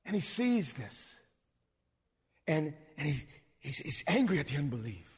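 A man preaching a sermon, animated, swinging between loud bursts and low asides. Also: a little slow, slightly rough. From suburbs. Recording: long reverb of a hall.

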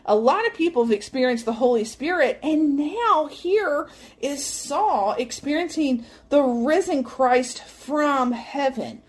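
A woman's voice: high voice, slow. A woman giving a casual devotional teaching, earnest and reflective, often adding "like" and small laughs. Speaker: devotional podcast host.

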